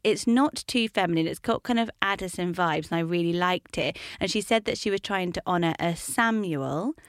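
A woman's voice: fairly low pitch, normal speed, smooth, no room sound, clean studio sound. A woman co-hosting a podcast, talking enthusiastically and thinking aloud with the odd um. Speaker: podcast co-host. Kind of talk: casual podcast chat.

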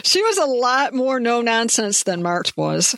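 A woman's voice: fairly high pitch, sing-song, a little slow, creaky, fairly bright tone, no echo, clean studio sound. A woman co-hosting a podcast, chatting wryly about a TV episode. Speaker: podcast co-host. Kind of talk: casual TV episode chat.

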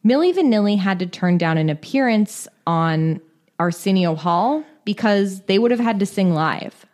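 Woman podcast host reading a script, chatty asides, normal pitch. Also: animated, normal speed, a little mellow. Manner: reads quotes aloud, breaks into laughter.

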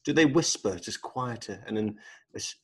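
A man's voice: lowish voice, animated, moderate pace, husky. A man hosting a casual chat, teasing his guest and repeating words as he asks questions.

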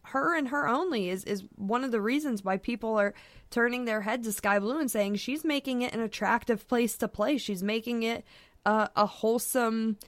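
A woman who writes about soccer chats casually as a podcast guest, using lots of fillers and restarts. Her voice is fairly high and moves at normal speed, with no room sound.

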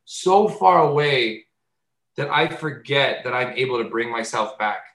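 A man talking casually on a podcast, animated and swearing freely, often jumping into loud high voices to act out bits. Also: unhurried, echoey room, rough recording. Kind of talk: casual chat.

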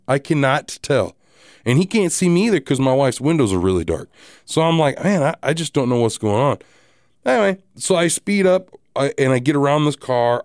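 A married man hosting a podcast, telling a story casually in a rambling, animated way with many restarts and asides. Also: on the high side, no room sound, studio quality. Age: adult, married. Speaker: podcast host.

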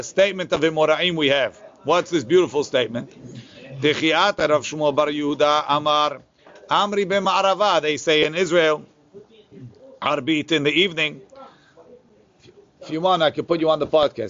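Guy teaching talmud, slightly high voice, reads text fast then explains it chill, muffled lo-fi recording. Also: fairly bright tone. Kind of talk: Talmud class, reading and translating.

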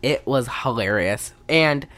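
A woman's voice: a bass voice, expressive, measured pace, a bit bright, no echo. A young woman recapping a movie in casual chat, rambling and profane, acting out the characters' lines. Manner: rambling, profane, acts out quotes.

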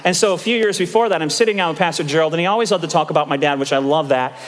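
High-voiced, fast-talking pastor in his fifties. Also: in a large hall. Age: 50s. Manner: animated, conversational storytelling with asides to the congregation. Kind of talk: sermon. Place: church sanctuary.

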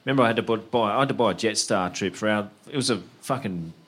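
A man with an Australian accent co-hosting a live comedy podcast, reading listener messages in a blunt, sweary, deadpan way. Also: on the low side, fast, breathy edge. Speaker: podcast co-host. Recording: live show with music and crowd behind.

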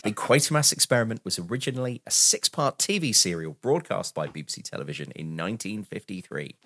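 A man's voice: lowish voice, expressive, quick pace, fairly bright tone, no echo. A man co-hosting a casual film podcast, reading out film history with wry asides. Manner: reads film background aloud with wry asides and frequent laughs. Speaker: podcast co-host.

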